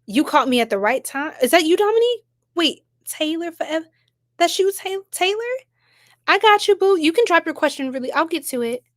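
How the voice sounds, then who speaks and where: A woman's voice: very high voice, animated, a little fast. A young adult woman hosting a psychic livestream, reading viewer comments in a casual, bubbly, effusive way and laughing often.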